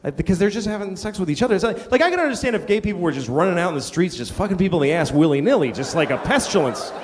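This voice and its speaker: Middle-aged male stand-up comic, exasperated profane rant, lively swinging voice, in a reverberant live hall. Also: high-pitched, racing, slight background noise. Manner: profane, exasperated ranting with sudden shouts. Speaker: stand-up comedian. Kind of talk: stand-up comedy routine. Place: comedy venue stage.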